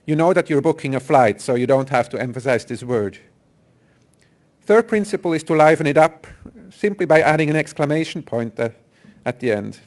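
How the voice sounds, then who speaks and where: A man's voice: fairly high pitch, lively intonation, moderate pace, darkish tone. A man giving a technical conference talk, explaining speech synthesis principles step by step. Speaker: conference presenter. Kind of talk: technical presentation. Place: conference hall.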